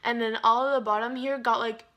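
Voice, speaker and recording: A woman's voice: a little high, steady tone, a little fast, fairly bright tone. A young woman vlogger telling a storytime in a chatty way, full of "like" and dramatic quotes of herself. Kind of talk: casual storytime.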